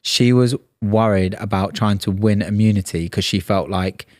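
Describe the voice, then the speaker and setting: A man's voice: lowish voice, normal speed, dry recording, clean studio sound. A man co-hosting a podcast, telling stories casually with lots of fillers. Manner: relaxed storytelling, many fillers. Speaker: podcast co-host. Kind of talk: casual chat. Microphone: studio podcast mic.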